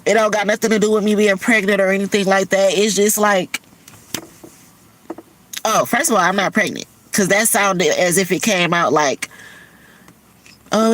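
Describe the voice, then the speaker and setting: Having been crying, a livestream host talks emotionally and candidly about her life, cursing in a casual way. Her medium-pitched voice is a little bright, and the poor recording carries some hiss or hum.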